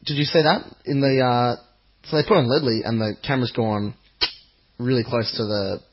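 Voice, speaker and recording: A man's voice: mid-range voice, steady tone, moderate pace. A man co-hosting a football podcast in casual chat, laid-back and joking, on dull lo-fi audio. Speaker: podcast co-host.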